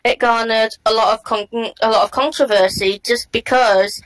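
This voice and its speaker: A woman's voice: on the high side, steady tone, normal speed, low-quality recording. English woman explaining in a chatty way. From England. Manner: thoughtful, searching for words. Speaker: podcast co-host. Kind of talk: casual podcast chat.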